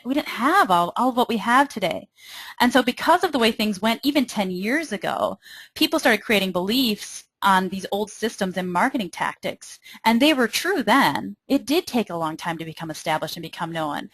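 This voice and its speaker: Upbeat minnesota-accent woman pitching a webinar, dry close sound. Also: fairly bright tone, no room sound. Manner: upbeat, persuasive, addresses listeners directly. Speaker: webinar presenter. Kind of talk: marketing webinar presentation.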